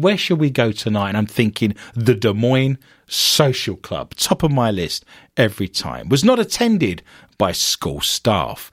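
A man's voice: mid-range voice, no room sound, clean studio sound. A man co-hosting a comedy show, reading odd news stories and breaking off into sarcastic asides. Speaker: co-host.

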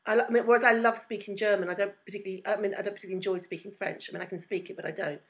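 Fast-talking woman comedian chatting. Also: mid-range voice, fairly even intonation. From Britain. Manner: quick, chatty, self-deprecating storyteller. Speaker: co-host. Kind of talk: casual chat.

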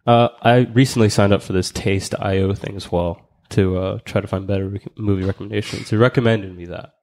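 A man's voice: lowish voice, steady tone, a little fast, a little mellow. A young man in casual chat, cracking jokes and chiming in briefly. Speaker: podcast co-host.

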